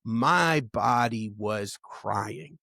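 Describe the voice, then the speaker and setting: A man's voice: medium pitch, very slow, gravelly, bright, forceful tone, no room sound, studio quality. A man on a podcast, telling candid stories in a casual, profane way. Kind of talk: casual chat.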